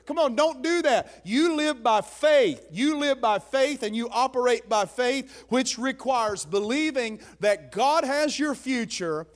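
A man preaching a sermon as pastor, emphatic and exhorting his listeners. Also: very high-pitched.

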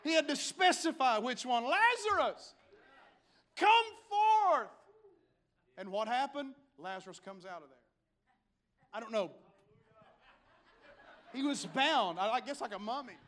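A man, a pastor delivering a dramatic sermon in church, moving from quiet scripture reading to shouted calls. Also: extremely high pitch, animated, moderate pace, pauses often.

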